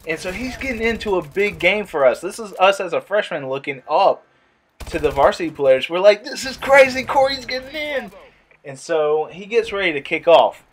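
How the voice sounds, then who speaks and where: A young man vlogging, telling a casual story and acting out the quotes in a higher voice. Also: normal speed, a little hiss or hum. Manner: animated, acts out quotes in a higher voice.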